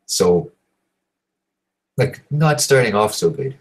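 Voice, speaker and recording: A man in his thirties hosting a show, telling a long, profane story in a casual, animated way. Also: lowish voice, slow, poor audio. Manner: profane, animated, swears constantly. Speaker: host. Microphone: home recording setup.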